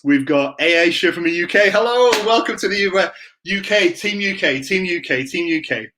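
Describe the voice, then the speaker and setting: Guy running a live q&a stream, upbeat and chatty, slightly high voice. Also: expressive, normal speed, noisy background. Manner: upbeat, greets viewers by name. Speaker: livestream host.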